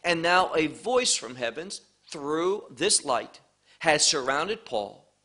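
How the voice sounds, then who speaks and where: Guy preaching through bible verses, slow and emphatic, bright tone. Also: on the high side, sing-song, a little hiss or hum. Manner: emphatic, deliberate, stresses key words. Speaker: Bible teacher. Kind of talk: verse-by-verse sermon teaching.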